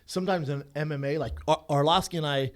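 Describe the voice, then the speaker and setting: A man's voice: fairly high pitch, fairly even intonation, fast. A man co-hosting a podcast in casual chat, blunt and profane, with frequent fillers. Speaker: podcast co-host.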